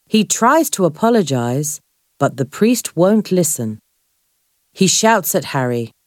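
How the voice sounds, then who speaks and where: A woman narrating a simple storybook in a slow, clear, expressive reading. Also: fairly low pitch, no room sound, clean studio sound. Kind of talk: scripted graded-reader narration.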